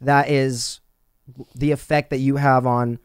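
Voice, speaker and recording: A young man hosting a casual chat, warmly and effusively telling stories about a friend. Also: mid-range voice, unhurried, clean tone, no echo, clean studio sound. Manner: warm, effusive, animated storytelling. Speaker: host.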